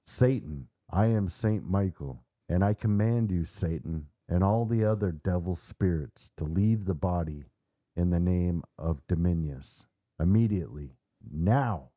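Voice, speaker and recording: A man voicing a male archangel who speaks in clear, commanding, dignified tones. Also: deep voice, expressive, measured pace, dark tone.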